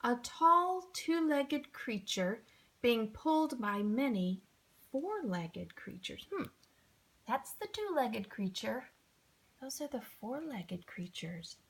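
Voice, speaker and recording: A woman reading a children's picture book aloud, expressive and acting out sound effects. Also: on the high side, takes it slowly. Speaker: storybook reader. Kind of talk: children's storybook read-aloud.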